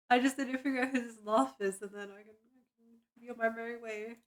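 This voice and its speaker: Sleepy streamer woman, slightly high voice. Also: pushed and bright. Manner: drowsy, muttering to herself, bursts of giggling. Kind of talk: casual live-stream chatter.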